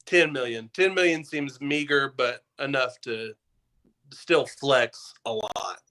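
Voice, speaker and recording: A man's voice: mid-range voice, slow, pushed and bright, rough recording. A man as a guest on a casual talk show, making dry jokes and wild exaggerations. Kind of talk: casual chat.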